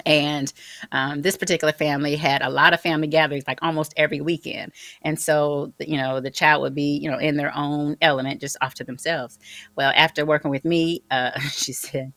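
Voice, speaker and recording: A woman's voice: deep voice, steady tone, fairly quick, fairly bright tone, no echo. A woman guest on a podcast, telling stories animatedly and acting out the people she quotes. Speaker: neurofeedback practitioner, guest. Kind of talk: conversational interview.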